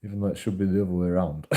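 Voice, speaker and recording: A man's voice: deep voice, darkish tone. A man rambling through a profane monologue to camera, repeating himself often. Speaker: vlogger.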